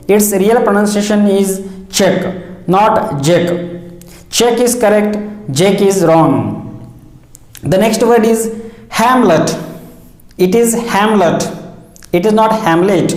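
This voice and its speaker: Guy teaching pronunciation, slow and careful, spells stuff out letter by letter, roomy echo. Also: high voice, darkish tone. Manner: deliberate, repeats and spells out words, contrasting right and wrong forms. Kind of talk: recorded pronunciation lesson. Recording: echoey room.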